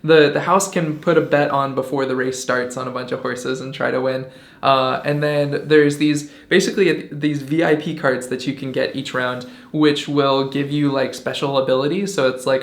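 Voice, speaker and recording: A man's voice: mid-range voice, steady tone, moderate pace, echoey room. A man co-hosting a board game review, talking in an easygoing, enthusiastic way. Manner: enthusiastic, easygoing, laughs often. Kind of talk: casual review chat.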